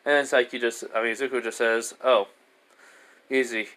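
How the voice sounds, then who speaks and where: A man's voice: mid-range voice, little pitch movement, fast, bright, forceful tone. A man casually retelling a fan story, rambling with many fillers and frequent laughs.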